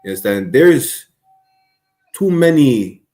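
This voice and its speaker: A man's voice: mid-range voice, sing-song, slow, warm tone, soft background music. Earnest rambling man. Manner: earnest, rambling, many restarts. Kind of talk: online stream discussion.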